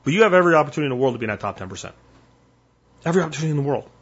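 Blunt husky older man, lively pitch. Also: very fast, lo-fi sound. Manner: blunt, emphatic, warning tone. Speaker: podcast host. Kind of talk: solo podcast monologue.

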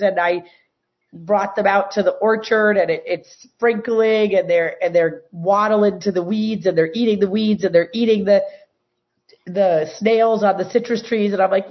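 Woman telling rambling farm stories. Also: mid-range voice. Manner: animated, rambling anecdotes with many restarts. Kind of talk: casual storytelling. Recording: dull, muffled sound.

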